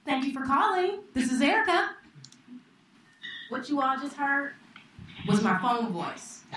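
A woman telling her own story on stage, talking in an easy, reflective way with pauses and restarts. Her voice sits a little high and reaches the mic from some distance. The room adds a strong echo with a faint hiss behind. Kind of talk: live story slam telling. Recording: echoey hall, distant mic, faint noise.

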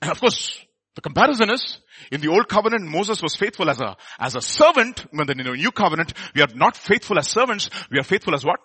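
A man preaching a sermon, emphatic, asking the congregation questions and leaving pauses for them to answer. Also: sits high, big pitch swings, sharp tone, breathy edge.

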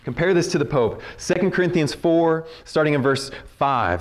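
A man preaching a sermon at a conference, conversational and earnest, often checking in with "right?" and dropping low and quiet to stress a point. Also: lively intonation, moderate pace, few pauses. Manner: conversational and earnest, with frequent asides and repeated "right?"; drops to a low, quiet voice for emphasis. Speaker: conference speaker.

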